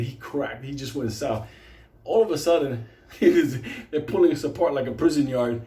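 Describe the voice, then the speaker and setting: A man's voice: mid-range voice, brisk, echoey room. Foul-mouthed man telling a wild story. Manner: heavy swearing, animated retelling. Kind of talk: casual comic storytelling.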